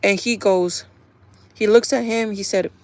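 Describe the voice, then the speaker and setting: A woman talking on her live stream, retelling a show's episode in a loose, gossipy way. Her pitch sits in the middle range, and her talk is full of fillers and quick laughs. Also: no echo. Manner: chatty and animated, full of "like" and "kinda"; laughs often while retelling. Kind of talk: casual chat recapping a TV episode.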